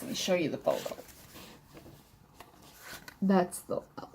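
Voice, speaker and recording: A woman reading a children's book aloud, slow and careful, now and then stumbling and rereading words. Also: fairly low pitch, huge pitch swings, darkish tone, a little hiss or hum. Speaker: storybook reader.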